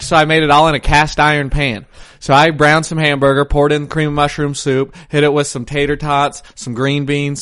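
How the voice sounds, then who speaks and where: A man's voice: on the high side, a bit bright. A man co-hosting a podcast, telling rambling, profane stories in casual chat. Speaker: podcast co-host.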